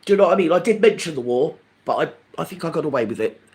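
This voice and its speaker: This older livestream host talks rapid-fire in a higher-pitched voice, gossiping campily with his live audience and addressing each of them as darling. His manner stays animated and bouncy, rising and falling as he casually chats.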